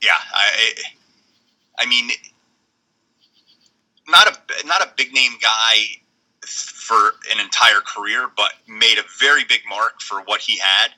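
Podcast co-host, middle-aged man, very bright tone, blunt and rambly. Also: lowish voice, low-quality recording. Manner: rambling, blunt, halting restarts. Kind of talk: casual chat.

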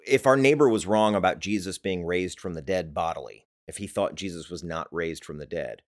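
Very low male voice, firm and measured podcast co-host. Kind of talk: casual discussion.

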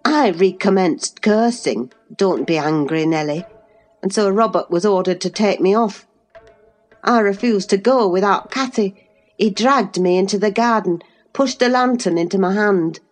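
A woman reading a classic novel aloud in a measured, even way. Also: medium pitch. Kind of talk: audiobook narration.

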